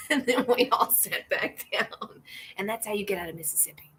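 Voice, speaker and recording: Slightly fast and fairly bright in tone, this medium-pitched middle-aged woman is a comedian rambling on her livestream over slight background noise. She reads viewer comments aloud, is self-deprecating, and plays the people in her stories.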